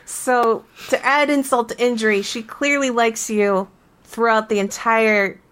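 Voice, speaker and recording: A woman co-hosting a casual game podcast, telling her story with emphatic, animated restarts. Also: fairly high pitch, a little slow, clear, resonant tone. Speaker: podcast co-host.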